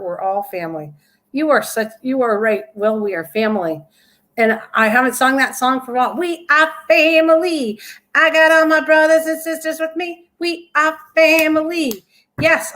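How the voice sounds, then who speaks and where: A high-voiced older woman hosts a laid-back live stream. She rambles warmly and greets viewers one by one as she reads their chat messages aloud. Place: at home.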